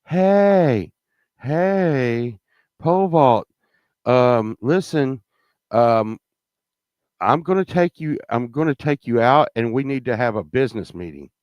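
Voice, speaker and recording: A man's voice: medium pitch, animated, slow pace, darkish tone, clean tone, no echo, lo-fi sound. A man voicing a pushy young female coworker, coaxing and insistent as he quotes her in an anecdote.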